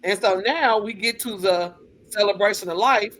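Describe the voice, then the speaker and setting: A woman talking on a casual talk show, retelling family stories with blunt, cussing candor. She slips into other people's voices as she tells it. Her tone is bright and forceful. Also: mid-range voice, moderate pace. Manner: blunt and profane, lively retelling with quoted voices. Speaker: co-host. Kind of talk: casual chat, personal storytelling.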